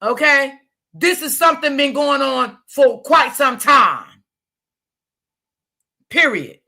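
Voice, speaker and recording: A woman hosts a casual live commentary stream. Her voice sits high and sounds bright and sharp. She gives her opinions bluntly and answers her chat as she goes. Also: lively intonation, slow pace. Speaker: commentary livestream host.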